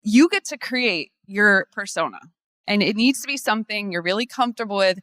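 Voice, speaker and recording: A woman's voice: mid-range voice, animated, fairly quick, fairly bright tone, no echo. A woman lawyer, candidly chatting to a conference audience and laughing often. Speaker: lawyer and firm owner. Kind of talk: conference panel talk.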